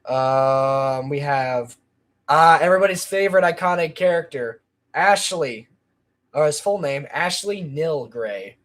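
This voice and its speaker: A man's voice: on the high side, expressive, a little slow, a bit bright. A man chatting on a casual livestream about his channel, rambling with lots of ums and restarts. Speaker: channel creator.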